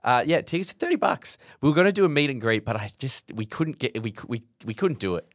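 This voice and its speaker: A man's voice: medium pitch, quick pace, no room sound, studio quality. A man hosting a podcast, chatting casually and joking around. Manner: lively, joking, drops into impressions. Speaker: podcast host. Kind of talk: casual chat.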